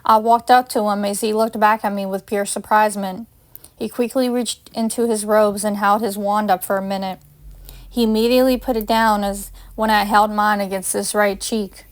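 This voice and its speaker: A woman's voice: medium pitch, level tone, normal speed. A woman reading her own first-person fan story aloud, with small slips and restarts. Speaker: fanfiction reader.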